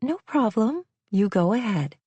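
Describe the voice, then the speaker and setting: Lady reading a bubbly motherly lady, high and chirpy, dry close audio. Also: big pitch swings, measured pace, breathy edge, dry recording, lo-fi sound, full character voice. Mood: cheerful. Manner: bright, chirpy.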